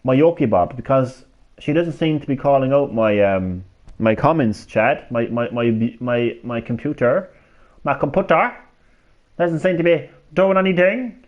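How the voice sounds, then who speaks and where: A man talks to viewers on a live stream with a mid-range voice at a measured pace, rambling, stammering, and swearing casually as his energy swings between hyper and drowsy. The stream audio is slightly dull and lo-fi.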